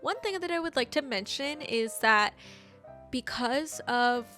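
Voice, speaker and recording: Woman, high voice, chatty movie review, rambling with lots of "like", faint music underneath. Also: unhurried. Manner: chatty, rambling, heavy use of "like"; animated, exclamatory asides. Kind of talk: casual movie recap and review.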